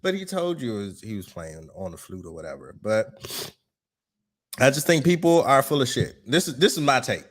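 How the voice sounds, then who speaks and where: A man's voice: medium pitch, sing-song, normal speed, a bit bright. A man co-hosting a casual podcast chat, blunt, laughing often and swearing freely. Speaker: podcast co-host.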